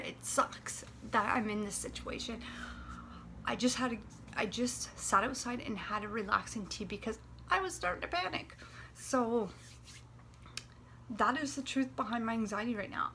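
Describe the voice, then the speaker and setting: A woman in her late twenties, talking in a personal vlog, anxious and near tears, with a dry throat, halting and often dropping to a whisper. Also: on the high side, creaky, sharp tone, a little hiss or hum. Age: 20s. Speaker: vlogger. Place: warm apartment room.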